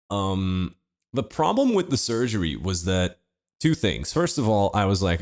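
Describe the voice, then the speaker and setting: A young man co-hosting a podcast, telling a story in a deadpan, laid-back way with wry asides. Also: lowish voice, normal speed. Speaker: podcast co-host. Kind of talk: casual comedic storytelling.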